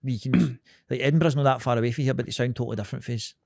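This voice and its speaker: A man's voice: mid-range voice, steady tone, very fast, vocal fry, darkish tone, no echo, studio quality. A young man with a Glasgow Scottish accent, co-hosting a podcast in blunt, sweary, rambling casual chat. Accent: Scottish, Glasgow area. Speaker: podcast co-host.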